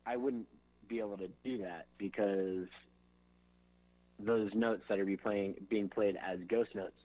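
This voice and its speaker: A man's voice: lowish voice, steady tone, measured pace, mellow, low-quality recording. Rambling man sounding out drum grooves. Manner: loose and rambling, fills with "like" and "you know"; sings drum beats with his mouth. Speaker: drummer and interview guest. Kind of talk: casual interview chat.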